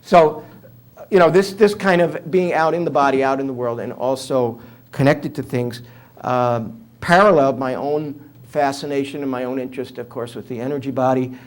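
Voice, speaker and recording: A man's voice: medium pitch, moderate pace. Older man with a New York accent. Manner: humorous storyteller, conversational with fillers. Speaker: author and guest speaker. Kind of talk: interview talk, anecdotal.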